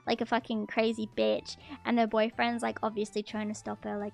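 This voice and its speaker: Blunt woman with vocal fry. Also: medium pitch, level tone, a little fast, few pauses, darkish tone, soft background music. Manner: blunt, swearing, many ums and likes. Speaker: streamer. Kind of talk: casual storytime chat.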